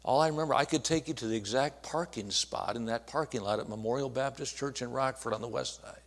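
A man in his sixties, an evangelist, telling a personal story in a folksy, earnest way, with restarts and hushed asides. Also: medium pitch, fast. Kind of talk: storytelling sermon.

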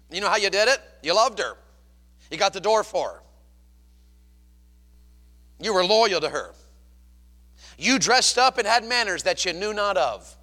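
A man preaching a sermon as a pastor, animated, swinging from loud to hushed. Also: sits high, normal speed, long pauses.

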